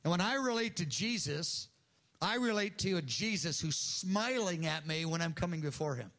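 A man's voice: fairly high pitch, animated, normal speed, fairly bright tone. An older man preaching an earnest sermon to a congregation, acting out voices in the prayers he quotes. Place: church hall with audience.

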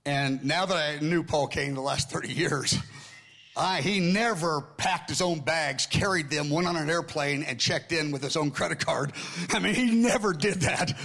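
An older man preaching, telling a story in an animated way and acting out the dialogue. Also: a little high, moderate pace. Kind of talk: storytelling sermon.

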